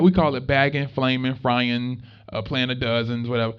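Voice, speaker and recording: A young man giving a motivational talk to students, telling stories in an animated, conversational way with street slang. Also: medium pitch, normal speed, clean tone. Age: young adult. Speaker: motivational speaker. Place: room with a live student audience. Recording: dull lo-fi recording.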